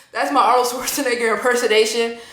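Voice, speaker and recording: A woman's voice: fairly high pitch, steady tone, normal speed, a bit bright. Rambling young woman vlogger in an echoey room. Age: 20s. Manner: rambling, full of "like" and "you know". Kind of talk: casual movie review. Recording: roomy echo.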